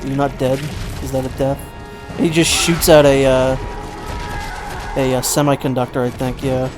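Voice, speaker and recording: A man's voice: mid-range voice, little pitch movement, moderate pace, over music. Rambling man giving let's-play commentary. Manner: rambling, chatty, self-mocking. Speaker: gameplay commentator.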